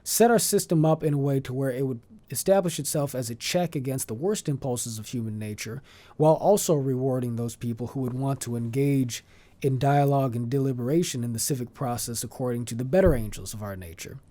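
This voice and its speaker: A man speaking as a podcast guest, measured and articulate in long flowing sentences, now and then restarting a phrase as he searches for words. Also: mid-range voice, warm tone. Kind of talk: conversational interview.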